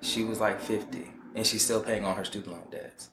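A man on a casual panel discussion who speaks in a measured way and checks for agreement with "right?". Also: lowish voice, steady tone. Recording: echoey room with faint background noise.

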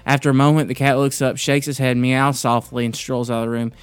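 Halting man. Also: mid-range voice, flat delivery, smooth, no room sound. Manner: halting, with many restarts, telling a joke before the devotional. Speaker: podcast host. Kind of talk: casual devotional talk.

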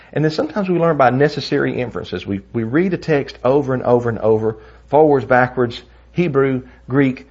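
Low husky guy teaching a bible lesson, chatty and earnest, kinda muffled lo-fi audio. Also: darkish tone. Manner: earnest, conversational, tells stories with chuckles. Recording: dull lo-fi recording.

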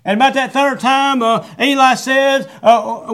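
A middle-aged man preaching a sermon, quoting scripture and repeating refrains, with folksy phrasing and many halting fillers. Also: very high-pitched, steady tone, a bit bright. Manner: preaching with Bible verse references and repeated refrains. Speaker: pastor.

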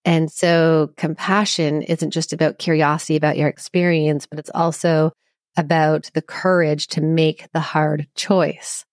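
Low-voiced woman therapist, reassuring. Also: level tone, measured pace, no room sound, studio quality. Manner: earnest, reassuring, explains with examples. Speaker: psychologist and couples therapist guest. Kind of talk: conversational podcast interview.

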